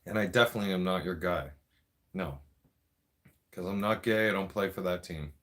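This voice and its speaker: A man's voice: low-pitched, normal speed, a bit bright. A man in a profane, mocking political rant, cursing and repeating himself. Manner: vaping while talking. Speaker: vlogger.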